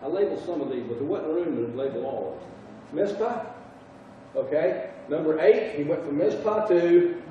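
Southern guy teaching bible class, halting, keeps asking the room stuff, far off mic, dull lo-fi sound. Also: a little high, warm tone, heavy reverb, slight background noise. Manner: halting, repeats words, asks the class questions.

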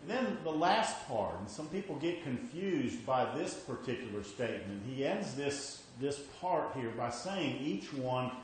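Emphatic preacher in a very echoey hall. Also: male voice, medium pitch, very animated, a little slow, hardly any pauses, slight background noise. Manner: emphatic, repeats questions and frequent "okay?" checks. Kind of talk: sermon. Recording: very echoey hall with faint ambience.

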